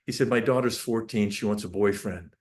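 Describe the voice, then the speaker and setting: A man's voice: on the low side, fairly quick. A man giving a parenting talk over a shared screen, telling family stories with earnest, restarting speech. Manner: storytelling, acts out family dialogue. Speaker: parenting speaker.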